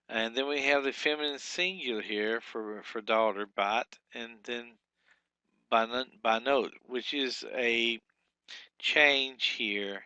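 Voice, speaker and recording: Male instructor, unhurried and halting, crisp bright voice, dry close sound. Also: on the low side, no echo, lo-fi sound. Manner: halting, many fillers and restarts. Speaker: Hebrew teacher. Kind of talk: lecture with slides.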